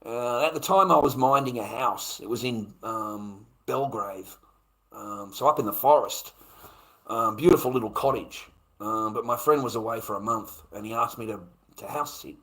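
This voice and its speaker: A man's voice: medium pitch, normal speed, sharp tone, rough recording. A middle-aged man with an Australian accent, ranting crudely and at length on a livestream, swearing constantly and tagging his lines with "mate". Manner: crude, profane, rambling, keeps tagging "mate". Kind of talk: rambling monologue on a livestream.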